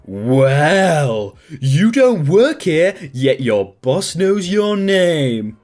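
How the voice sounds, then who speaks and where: A man reading a story aloud, voicing an angry, entitled woman customer who shouts demands. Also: mid-range voice, sing-song, measured pace, faint music behind. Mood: mocking. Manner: indignant, shouting accusations.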